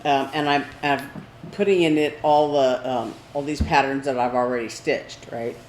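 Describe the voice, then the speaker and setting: A woman's voice: rumbling low, fairly even intonation, moderate pace, darkish tone. A woman co-hosting a casual crafting chat, talking in a rambling way with many fillers. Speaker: co-host. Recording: echoey room with faint noise.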